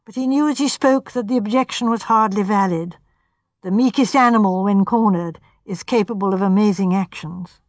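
A woman reading a classic mystery novel aloud with steady, measured narration. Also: mid-range voice, no echo, studio quality. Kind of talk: audiobook narration.

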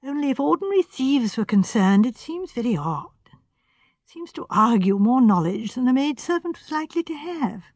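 A woman reading as a shrewd, gentle elderly spinster, talking softly with hesitant pauses. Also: high-pitched, big pitch swings, dry recording, clean studio sound, full character voice. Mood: musing. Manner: soft, hesitant, musing.

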